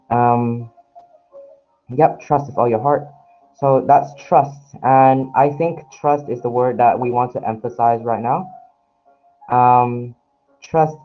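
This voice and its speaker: A man's voice: medium pitch, dull audio. Hesitant man teaching lettering on a livestream. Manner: hesitant, with many fillers and restarts; friendly, addresses viewers directly. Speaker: calligraphy instructor. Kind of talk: live online workshop demonstration.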